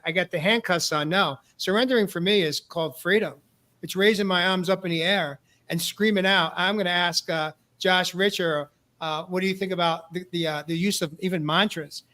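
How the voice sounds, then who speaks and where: A man's voice: sits high, pushed and bright. A male host talking earnestly in a casual discussion, often repeating words as he starts a thought. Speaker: podcast host. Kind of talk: casual talk show discussion.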